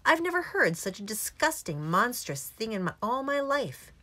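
A woman's voice: on the low side, lively intonation, normal speed. A woman reading aloud, voicing a mischievous, talkative little old male country doctor. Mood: outraged. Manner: chatty, mischievous storytelling. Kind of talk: audiobook character reading.

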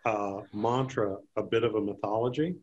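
A man's voice: on the low side, moderate pace, darkish tone, lo-fi sound. A man hosting an interview, asking curious questions and sometimes searching for words. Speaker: TV host interviewer.

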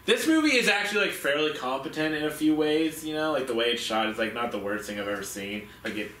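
A man's voice: a little high, lively intonation, fast talker, sharp tone, far from the mic, slight background noise. A man co-hosting a movie awards show, chatting casually and dismissively about films. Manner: offhand, dismissive, laughs easily. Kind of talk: casual chat reviewing films. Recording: echoey room, a bit off mic.

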